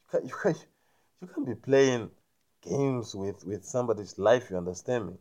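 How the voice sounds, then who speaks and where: A man rambling through a spiritual monologue, repeating himself and often checking that the listener understands, growing loud and emphatic when indignant. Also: on the low side, moderate pace. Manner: repetitive, keeps asking "you understand me?".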